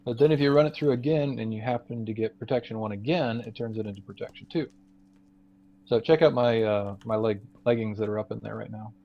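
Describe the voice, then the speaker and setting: A man calmly explaining game mechanics while playing, in casual commentary. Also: fairly low pitch, a little fast, muffled recording, a little hiss or hum. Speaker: gamer co-host.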